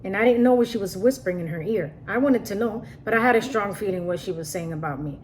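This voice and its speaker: A woman's voice: medium pitch, quick pace, slight background noise. A woman telling a personal story in a casual, earnest way, often repeating herself and restarting sentences. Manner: repetitive, earnest, frequent restarts and "like".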